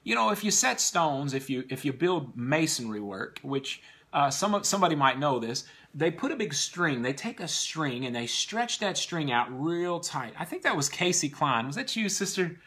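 A man's voice: on the high side, sing-song, moderate pace, hardly any pauses, bright, forceful tone, slightly rough. A man preaching a sermon to a congregation, earnestly exhorting the listeners.

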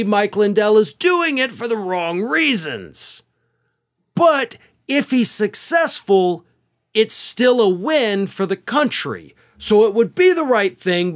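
A male host delivering a political commentary monologue, his pitch sitting a bit high and swinging widely as he argues. He sounds sarcastic and opinionated, mocking his subjects as he lays out his case.

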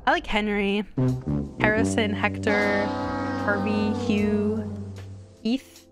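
A woman streaming a life-simulation game, chatting excitably with her viewers in casual live commentary. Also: medium pitch, slow pace, over loud music.

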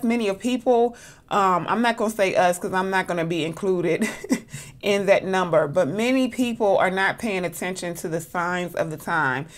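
Brief: female co-host, lower voice, preachy, scripture-quoting, emphatic. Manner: preachy, adds "okay?" and quotes scripture, builds up emphatically. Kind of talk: sermon-like talk.

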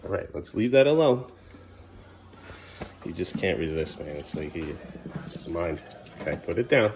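In a casual kitchen vlog, a dad with a low, darkish, animated voice and some vocal fry talks at a moderate pace, coaxing his kids before turning firm. Between moments he chats to the camera, over a slight hiss or hum.

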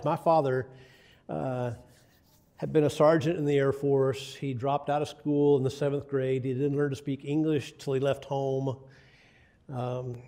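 A man's voice: medium pitch, mellow. An older man preaching a sermon, telling folksy stories with asides to the congregation. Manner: folksy storytelling with asides to the audience.

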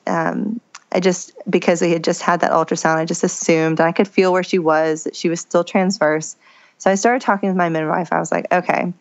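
A woman's voice: lowish voice, dry recording. Young woman, chatty storyteller, dull dry mic. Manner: chatty, emotional, many fillers and "I was like" quotes. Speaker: podcast guest telling her birth story. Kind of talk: casual storytelling.

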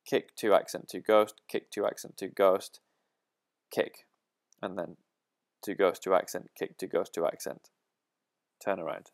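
A man teaching a drum lesson, explaining a pattern step by step and counting the beats aloud. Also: sits low.

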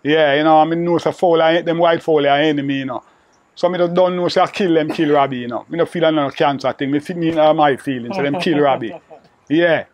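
A man's voice: fairly high pitch, quick pace. An older man with a Jamaican patois accent, telling a long, rambling story to an interviewer and filling it with "you know". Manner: repetitive, peppered with "you know". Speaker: interviewee recalling old friend.

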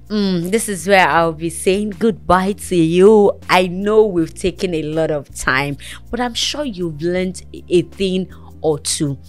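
A woman with a low voice hosts a talk show. She counsels a young guest in an earnest, motherly way and preaches encouragement. Soft music plays faintly under her. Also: takes it slowly.

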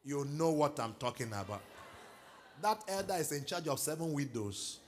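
A middle-aged Nigerian man preaching a sermon as pastor, moving from quiet asides to loud exhortation and calling for responses. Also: fairly high pitch, lively intonation, normal speed, a little hiss or hum. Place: large church hall.

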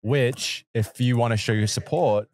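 A British man hosting a podcast in relaxed chat, agreeable and quick to laugh as he steers the talk. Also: mid-range voice. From Britain.

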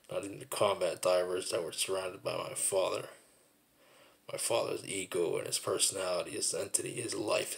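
A man with a very low, gravelly voice talks through his own memories. He rambles and circles back on his words, reflective and repetitive, as in a personal monologue.

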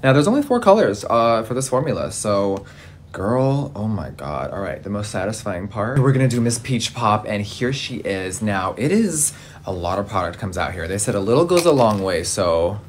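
Sassy, campy man with a lively voice. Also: lowish voice, moderate pace, slight background noise. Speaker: makeup reviewer. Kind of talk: casual makeup review vlog.

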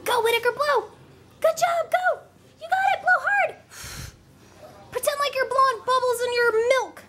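Young mom with a really high voice, chatty and laughy, filming the kids on a handheld cam, lots of noise behind. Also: female voice, slow pace, long pauses, sharp tone. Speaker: mother filming her family. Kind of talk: casual family vlog. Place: at home, indoors and outside. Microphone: handheld camera. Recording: noisy home video.

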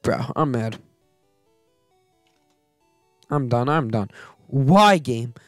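A man's voice: mid-range voice, lively intonation, takes it slowly, no echo, soft background music. A man hosting a game let's play, giving casual commentary that turns into melodramatic grumbling and self-mocking rants.

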